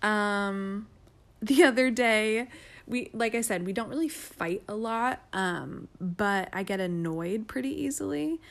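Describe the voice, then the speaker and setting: A woman's voice: medium pitch, a little slow, gravelly. A woman in a casual couple's chat, chatty and candid, often laughing as she talks. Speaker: podcast co-host.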